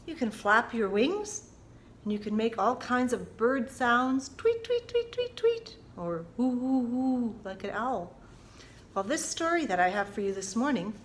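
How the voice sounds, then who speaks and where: High-voiced woman reading a children's storytime. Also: a bit bright. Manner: playful, leads kids in actions and bird sounds. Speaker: children's librarian.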